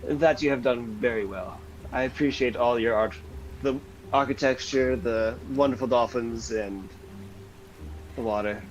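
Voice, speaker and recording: An earnest male genasi adventurer from a tabletop game who speaks warmly of what he admires, as a player puts him on. The voice is mid-pitched, with faint music in the background. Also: steady tone, unhurried, lightly acted, low-quality recording. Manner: earnest, complimentary.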